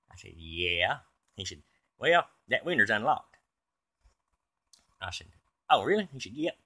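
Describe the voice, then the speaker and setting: A folksy comic monologue comes from a man whose fairly low voice sounds pushed and bright. He rambles through a tall tale, voicing the quoted characters as himself rather than imitating them.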